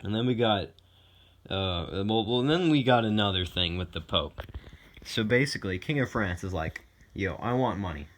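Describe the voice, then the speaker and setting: A man's voice: on the low side, animated, moderate pace, a bit bright. A male student giving a casual, rambling, irreverent spoken summary full of fillers.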